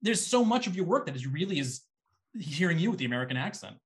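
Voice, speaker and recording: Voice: mid-range voice, very animated, quick pace. Rambling podcast host asking questions. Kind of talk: casual interview chat.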